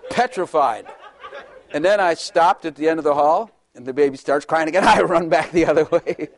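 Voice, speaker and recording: A man's voice: a little high, normal speed. Chuckling older man preaching. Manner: chatty, jokey, laughs often, acts out voices. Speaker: pastor. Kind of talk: humorous sermon.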